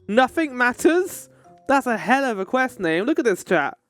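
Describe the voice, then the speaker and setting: A man streaming a game, commenting casually, excitable and swearing, reacting loudly to what happens. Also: extremely high pitch, normal speed, dry recording, soft background music.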